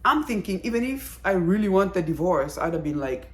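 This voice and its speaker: A woman giving a casual, chatty video review of a drama, talking in an animated, exclaiming way. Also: on the low side, a little fast, roomy sound.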